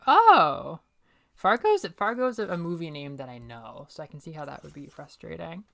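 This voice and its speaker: A woman's voice: deep voice, sing-song, normal speed, creaky, a bit bright, faint music behind. A young woman from New England, casually chatting and rambling with lots of fillers and laughter while streaming a game. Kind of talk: casual gameplay commentary.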